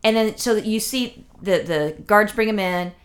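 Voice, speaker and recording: A woman's voice: mid-range voice, normal speed. Rambling, foul-mouthed woman chatting. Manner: crude, rambling storytelling with lots of swearing. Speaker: podcast co-host. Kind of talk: casual chat.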